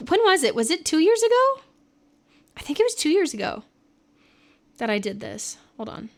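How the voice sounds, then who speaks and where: A woman's voice: sits high, very animated, normal speed, creaky. A woman from California, a livestreamer and singer, chatting casually with viewers in a rambling way and laughing often.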